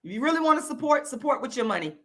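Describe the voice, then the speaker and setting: A woman from Florida, hosting her own channel and ranting angrily into the camera with loud, profane, repetitive emphasis. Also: sits high, sing-song, very fast. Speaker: YouTube channel host. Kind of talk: angry direct-to-camera rant.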